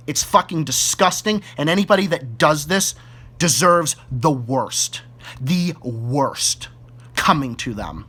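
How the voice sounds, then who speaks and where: A man's voice: fairly high pitch, sharp tone. A man with a Boston accent delivering an angry, profane rant straight at the camera, hurling repeated insults. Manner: furious, profane, repetitive insults. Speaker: YouTube ranter.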